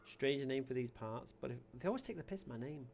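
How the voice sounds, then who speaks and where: A man voicing a wary, guarded male village elder in a game, reading the elder's lines aloud in a measured way. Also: mid-range voice, lively intonation, vocal fry, darkish tone, slight background noise.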